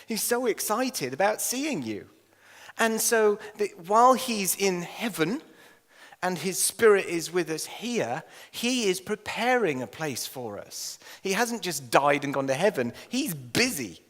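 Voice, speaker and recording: An English man preaching a sermon as minister, animated and jokey, telling stories with laughs and acted asides. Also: high voice, measured pace, big-room sound. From England. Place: church hall.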